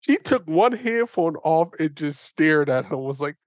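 A man's voice: a little high, unhurried, no room sound. A young man telling a funny story casually on a podcast and laughing as he goes. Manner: animated, laughs through the telling. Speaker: podcast host.

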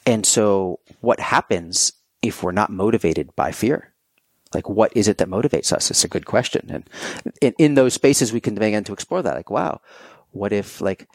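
This podcast guest has a voice on the low side and talks fairly quickly, recorded dry. He chats casually and loosely with plenty of fillers, animatedly telling stories and acting out what he thought at the time.

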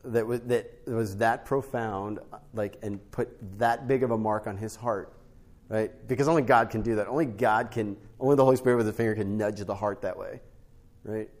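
A middle-aged man, a podcast guest, teaching on spiritual life through a family story, with an animated storytelling manner that often checks in with "right?". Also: on the low side, moderate pace. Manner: animated storyteller, rises to emphatic peaks, frequent "right?" tags.

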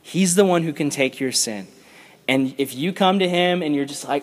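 A man giving a casual, animated sermon to young people, then leading a prayer. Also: fairly high pitch, normal speed.

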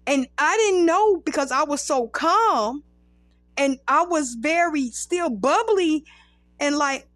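A woman's voice: high voice, lively intonation, takes it slowly, a bit bright, no room sound, studio quality. A woman in her thirties hosting a podcast, telling a rambling, profane story in casual chat. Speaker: podcast host.

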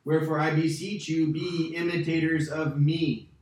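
A man's voice: fairly high pitch, flat delivery, moderate pace, darkish tone, slight background noise. Emphatic male preacher in echoey hall. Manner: emphatic, conversational, repeats key phrases. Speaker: pastor teaching a Bible study. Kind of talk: Bible study teaching. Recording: very echoey, distant church mic.

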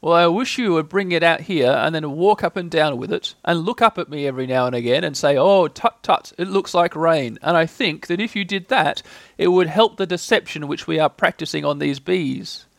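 A gentle, simple-minded storybook bear, as a man puts him on, talking slowly and earnestly with a lightly gravelly edge and a slightly raised voice. Each thought is weighed with ponderous care. The sound is close and dry. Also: a little high, dry recording, pitched above the performer's own voice.

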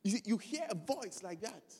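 A man preaching a lively sermon, loose and joking, often stopping to find his place in the text. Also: high voice, normal speed, long reverb tail, a little hiss or hum. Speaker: pastor.

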